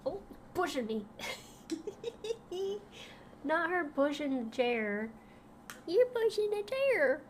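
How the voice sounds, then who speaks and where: A woman's voice: high voice, very animated, slow pace, pauses often, slight background noise. A young woman streamer chatting casually and cooing baby talk at her dogs. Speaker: livestreamer. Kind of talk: casual livestream chat.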